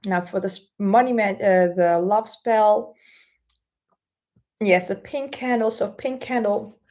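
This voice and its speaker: A woman hosting a casual spell-craft tutorial, explaining things in a gentle, unhurried way. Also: medium pitch. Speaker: spiritual content host.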